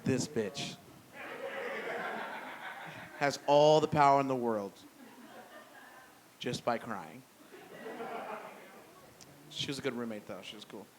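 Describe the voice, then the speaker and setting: A man doing a stand-up comedy set in a brewery, blunt and profane with a deadpan delivery. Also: medium pitch, a little slow, pauses often. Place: brewery venue with live audience. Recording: noisy live room.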